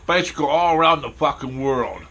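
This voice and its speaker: A man's voice: fairly high pitch, lively intonation, moderate pace, sharp tone. A man rambling crudely and boastfully while out of breath, in a casual monologue to the camera. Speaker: vlogger eating on camera. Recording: noisy home recording.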